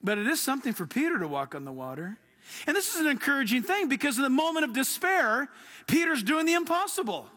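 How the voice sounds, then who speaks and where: A man's voice: very high voice, sing-song, fast, pushed and bright. A man preaching a sermon to a congregation, emphatic and drawn out, with sudden swells. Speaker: pastor. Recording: long hall reverb.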